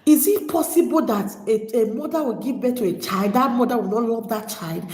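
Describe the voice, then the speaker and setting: A woman's voice: fairly high pitch, fairly quick, darkish tone. Emotional woman telling her story, echoey room. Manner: emotional, breaks into tears at times. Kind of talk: personal storytelling monologue. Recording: echoey room with long reverb.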